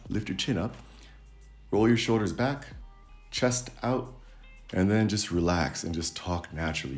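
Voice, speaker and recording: Deep-voiced man coaching voice tips. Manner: relaxed, coaching, demonstrates sounds. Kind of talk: casual video lesson.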